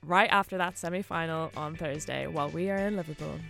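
A woman's voice: sits low, brisk, gravelly, fairly bright tone, faint music behind. A woman co-hosting a podcast in casual, enthusiastic chat, often using fillers like "kind of". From Ireland. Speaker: podcast co-host.

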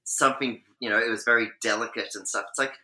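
A podcast co-host chatting casually, giggly and quick to laugh. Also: medium pitch, steady tone, sharp tone, echoey room, low-quality recording. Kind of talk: casual chat.

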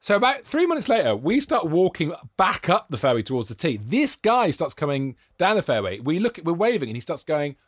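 A man's voice: fairly high pitch, a little fast, few pauses, dry recording, clean studio sound. A young man, a podcast co-host, telling stories in casual chat and acting out what people said. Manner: animated storyteller, acts out quoted voices.

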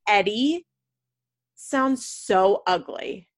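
A woman's voice: mid-range voice, animated, drawn-out words. A woman chatting casually as a podcast co-host, giggly and full of fillers. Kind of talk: casual chat.

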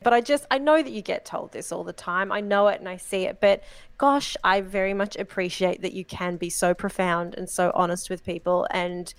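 A woman's voice: mid-range voice, steady tone, moderate pace, clear, resonant tone, dry recording. Effusive woman co-host. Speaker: podcast co-host. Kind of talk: casual chat.

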